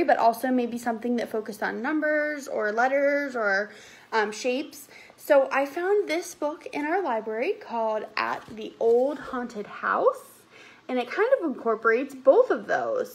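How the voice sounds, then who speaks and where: A preschool teacher reading a picture book aloud to young children, animated and coaxing them to count along. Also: female voice, sits high.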